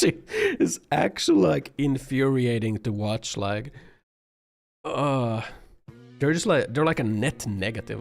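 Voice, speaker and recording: A man's voice: medium pitch, vocal fry. A man streaming, giving an exasperated, profanity-laden rant full of filler words and bursts of laughter. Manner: laughs often mid-sentence. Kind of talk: casual livestream commentary.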